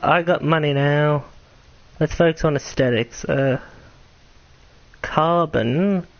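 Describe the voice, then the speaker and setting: A man's voice: a little high, takes it slowly. A young man talks his way through a game stream in a loose, rambling way, tossing in swears and jokes at his own expense. His voice is tired and cracks now and then. The recording is somewhat dull and lo-fi, as from a basic streaming mic. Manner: rambling, self-mocking, swears casually. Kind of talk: casual gameplay commentary.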